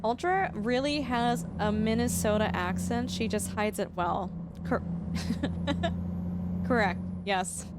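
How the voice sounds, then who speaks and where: A woman's voice: fairly high pitch, takes it slowly, heavy background noise. A woman streamer chatting casually with her live viewers, bubbly and effusive, laughing often.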